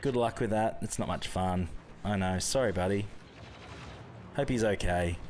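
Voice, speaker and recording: A man's voice: lowish voice, normal speed, a little mellow, slight background noise. A young Australian man hosting a live gaming stream, chatting casually with viewers, greeting them by name and laughing often.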